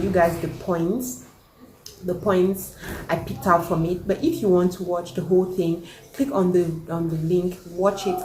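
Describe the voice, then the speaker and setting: A woman giving her opinions in a casual reaction vlog, animated and emphatic. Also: lowish voice, slight background noise. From Cameroon. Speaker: vlogger reacting to a video. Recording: echoey room.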